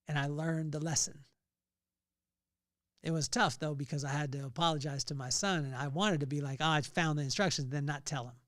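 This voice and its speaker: A middle-aged male podcast host gives an earnest, faith-based motivational talk built on personal stories, rising to loud emphasis at points. His voice is fairly high in pitch, and the recording is dry and studio quality.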